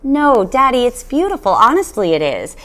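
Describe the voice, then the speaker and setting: A woman reading aloud gives voice to a clever, polite little girl with a bright, pleading manner. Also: fairly high pitch, big pitch swings, moderate pace, pitched above the performer's own voice.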